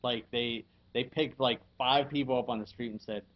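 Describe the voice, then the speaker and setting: Halting man in a dull lo-fi podcast. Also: mid-range voice, steady tone. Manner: halting, filler-heavy, chuckles often. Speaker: podcast host reviewing a video game. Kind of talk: casual podcast chat.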